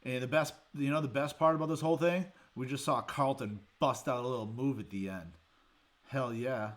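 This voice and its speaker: Guy ranting over game footage, fired up and sarcastic, mid-pitch voice. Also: moderate pace. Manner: exasperated, heated, sarcastic. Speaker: sports podcast host.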